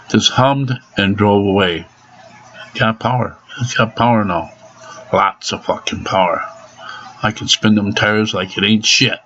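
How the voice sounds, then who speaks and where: A man's voice: lowish voice, a bit bright, muffled recording. A man venting angrily in a profane vlog monologue about his car being repaired. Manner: angry, cursing constantly.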